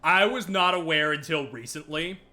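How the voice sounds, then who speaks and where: A man's voice: a little high, normal speed, pushed and bright, a little hiss or hum. A man streaming a video game, ranting casually with lots of laughter and swearing. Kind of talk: casual gameplay stream commentary.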